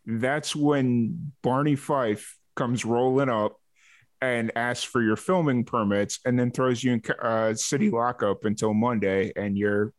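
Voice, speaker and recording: A man host from Chicago, easygoing and quick to tell a story, with short affirmations while his guest talks. The recording is dry, with no room sound around his voice. His pitch sits in the middle range. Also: fairly even intonation, dry recording. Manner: easygoing storyteller, brief backchannels. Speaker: podcast host. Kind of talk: casual interview chat.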